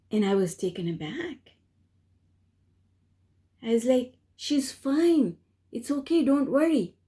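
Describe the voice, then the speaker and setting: A woman who teaches spirituality, answering a viewer's question by gently and earnestly telling a personal story. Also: mid-range voice.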